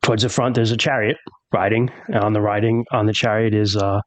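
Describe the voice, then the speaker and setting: A man's voice: fairly low pitch, fairly even intonation, fairly quick, dry recording, poor audio. Man narrating as game master, dry sound. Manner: dramatic storytelling with character voices.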